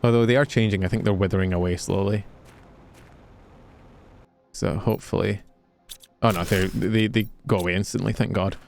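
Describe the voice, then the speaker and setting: A man's voice: lowish voice, steady tone, moderate pace, creaky, pauses often, darkish tone, a little hiss or hum. A Scottish man streaming a game, chatting casually with his viewers, joking and swearing freely as he plays. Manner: chatty, joking, swears freely, talks to chat while playing.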